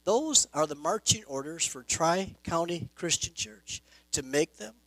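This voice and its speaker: A man preaching a sermon as pastor, emphatic, swelling loud and dropping soft. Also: fairly high pitch, expressive, a little slow, dry recording, low-quality recording. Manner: emphatic preaching with rising and falling volume.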